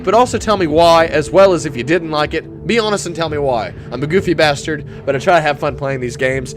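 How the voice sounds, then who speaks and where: Young male gamer, fairly high voice, gruff put-on tanker voice, excitable commentary. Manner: excitable, bursts into whoops and laughter. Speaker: gaming YouTuber. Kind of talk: live gameplay commentary.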